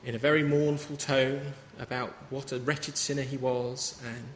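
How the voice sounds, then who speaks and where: A man's voice: mid-range voice, little pitch movement, normal speed, a bit bright, slight background noise. Man preaching in an echoey hall. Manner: conversational, anecdotal preaching. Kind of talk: sermon. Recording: reverberant hall with faint ambience.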